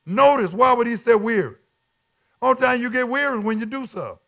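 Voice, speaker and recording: A man preaching at Bible study as a bishop, repeating his lines in call-and-response and swinging from quiet talk to shouts. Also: very high voice, expressive, fairly quick, vocal fry.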